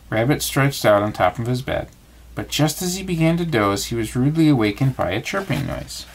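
Man reading a bedtime story. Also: medium pitch. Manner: calm, expressive storytelling. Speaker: father reading aloud.

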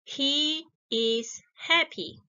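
A woman's voice: high voice, bright, forceful tone, dull audio. A woman teaching a simple English lesson to young children, repeating each word and praising the answers. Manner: encouraging, drawn-out words repeated twice.

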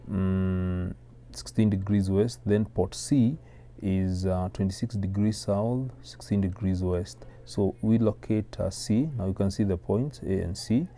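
A man with a Kenyan accent, tutoring maths step by step in a methodical way and pausing often with "uh". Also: fairly low pitch, steady tone, warm tone. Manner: methodical, explains slowly with many "uh" pauses.

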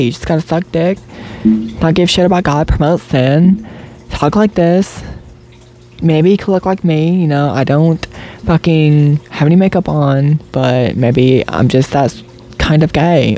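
A man's voice: fairly high pitch, warm tone. A man delivering a comedic parody monologue in an exaggerated, affected put-on voice, swearing constantly.

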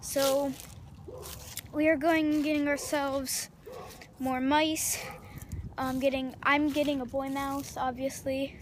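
A woman with a high voice talks to her viewers in a loose, rambling way, full of ums and false starts. She vlogs casually at home, moving around the house as she talks, with a faint hum of room noise behind her. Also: little pitch movement, slow, pauses often. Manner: rambling, chatty, many fillers and restarts. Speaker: vlogger. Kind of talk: casual vlog chat.

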